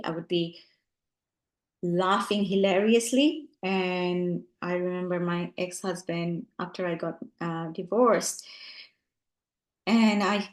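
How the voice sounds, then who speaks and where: A woman teaching as a relationship coach, speaking reflectively with frequent ums and softer asides. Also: lowish voice. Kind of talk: teaching talk. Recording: roomy echo.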